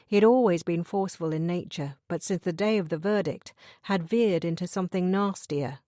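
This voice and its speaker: A woman narrating a thriller audiobook in a measured, even reading style. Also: on the low side, no room sound, studio quality. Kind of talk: scripted narration.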